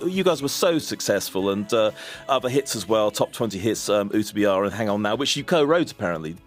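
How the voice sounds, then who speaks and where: A man hosting an interview, bubbly and quick to laugh as he asks questions. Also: lowish voice, lively intonation. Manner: bubbly and laughing often, with many restarts. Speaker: interview host. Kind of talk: casual interview.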